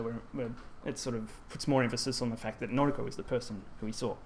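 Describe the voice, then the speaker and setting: A man speaking at a teaching symposium, walking an audience through grammar step by step at a mid-range pitch. He explains patiently but often stops to correct himself and fills pauses with ums. A faint hum of noise sits under his voice. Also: fairly even intonation. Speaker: presenter at a language teaching symposium. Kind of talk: conference talk explaining grammar.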